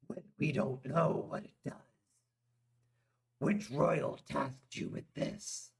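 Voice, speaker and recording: A man voicing a grim, vengeful male warrior lieutenant who talks in a low, intense, commanding way. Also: takes it slowly, creaky, husky, exaggerated voice. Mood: angry.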